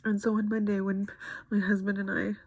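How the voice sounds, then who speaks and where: A woman's voice: medium pitch, little pitch movement, a little fast, a little mellow, no echo. A young woman giving an earnest, frustrated personal video update to her followers. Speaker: vlogger.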